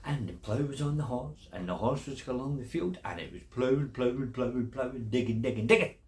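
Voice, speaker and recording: A man's voice: mid-range voice, a little fast. An older man telling a folk tale as a grandfather-style storyteller, repeating words for effect. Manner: animated, repetitive storytelling.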